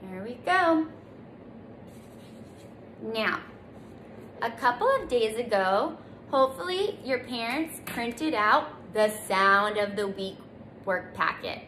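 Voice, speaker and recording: Preschool teacher, woman, slow and sing-song, higher voice, echoey room. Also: very animated. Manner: slow, gentle, sing-song, stretches sounds. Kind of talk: children's circle time lesson. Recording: echoey room, faint noise.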